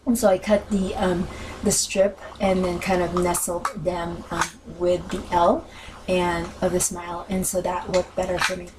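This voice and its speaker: A woman talking through her crafting process in a loose, chatty voice-over, full of ums and little corrections. Her voice sits a little low and sounds worn from hours of talking. She is a bit back from the microphone, with a clear hum of noise under her. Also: flat delivery, unhurried, far from the mic. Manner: chatty, rambling with many ums and self-corrections. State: losing her voice. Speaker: crafting video host. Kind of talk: casual voice-over narration.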